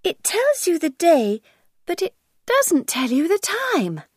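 A woman voicing a curious, cross young girl in a storybook reading, sharp and petulant. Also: very high-pitched, wildly swooping pitch, slow pace, dry recording, clean studio sound, voice pushed up, exaggerated voice.

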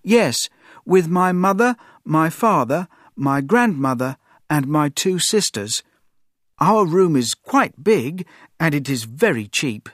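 A man's voice: a little high, very animated, slow, no room sound, studio quality, voice pushed up, full character voice. A man voicing a poor young beggar boy who answers politely and plainly, in a storybook reading. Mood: humble. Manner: polite and plain, says sir.

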